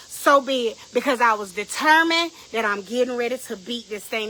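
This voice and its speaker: A woman minister giving a livestream talk from home, emphatic, repeating her phrases and bursting into shouts. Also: on the high side, slight background noise, low-quality recording. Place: in bed at home at night.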